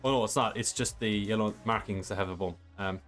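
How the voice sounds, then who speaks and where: A man's voice: lowish voice, steady tone, a little fast, fairly bright tone, soft background music. Rambling casual male sim racing streamer. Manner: casual, rambling, many fillers. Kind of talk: live game stream, reading chat.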